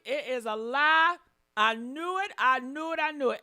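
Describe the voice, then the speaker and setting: A woman hosting a live stream, commenting loudly and profanely on a family dispute and shouting out exclamations. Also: sits high, measured pace.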